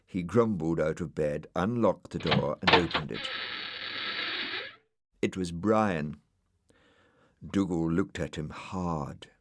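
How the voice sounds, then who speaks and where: Unhurried man reading a storybook aloud. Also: sits low, no room sound, studio quality. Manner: gently expressive. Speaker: audiobook narrator.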